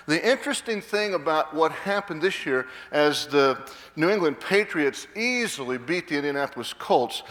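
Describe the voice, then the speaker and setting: A man's voice: on the high side, lively intonation, moderate pace, few pauses, a bit bright, big-room sound. A man in his sixties, a pastor preaching a sermon, emphatic, with frequent restarts and repeated words, asking his congregation questions. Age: 60s. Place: church sanctuary.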